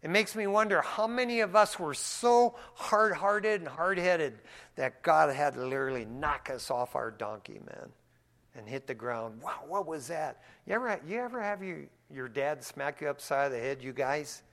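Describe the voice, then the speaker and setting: A man preaching a sermon in a church, his voice sitting somewhat high for a man. He talks in a folksy, down-to-earth way, swinging from hushed asides to loud, excited stretches. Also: normal speed, gravelly. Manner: folksy, says "man" often. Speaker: pastor.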